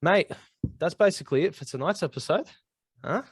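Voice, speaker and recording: A man with a high, lively, quick voice and a slightly breathy edge hosts a casual podcast over a video call, recorded dry and studio-clean. He chats in an easygoing, matey way and closes the episode with promo-style plugs for other shows.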